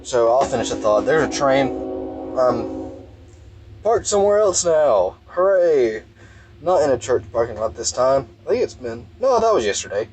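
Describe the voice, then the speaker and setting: A man's voice: mid-range voice, big pitch swings, normal speed, darkish tone, soft background music, poor audio. A tired young man from Mississippi, rambling wryly in a casual vlog from his parked car. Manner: rambling, self-interrupting, wry. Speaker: gaming vlogger. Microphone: phone.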